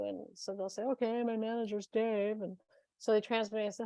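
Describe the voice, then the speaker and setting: A woman co-presents a webinar in a lively, storytelling way, acting out the people she quotes. Her voice is recorded close and dry, with no room sound. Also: medium pitch, a little fast, dry recording. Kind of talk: casual webinar chat, telling anecdotes.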